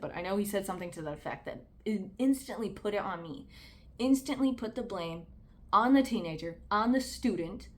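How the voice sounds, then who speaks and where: A woman talking candidly in a casual vlog, earnest and conversational, leaning on "like" a lot. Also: medium pitch. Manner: candid and conversational, heavy use of "like"; earnest, speaks out about personal experience. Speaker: vlogger. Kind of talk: casual commentary to camera.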